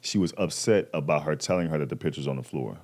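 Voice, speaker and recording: Very deep-voiced man telling a story. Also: quick pace. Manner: animated, acts out quoted voices, slangy. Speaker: podcast guest. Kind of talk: casual storytelling chat.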